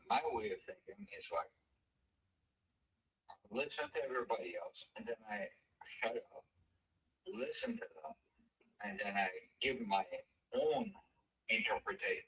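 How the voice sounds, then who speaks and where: A man in a casual chat as a guest, plain-spoken and halting. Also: mid-range voice, big pitch swings, creaky, bright, forceful tone, breathy edge, recorded from a distance, low-quality recording.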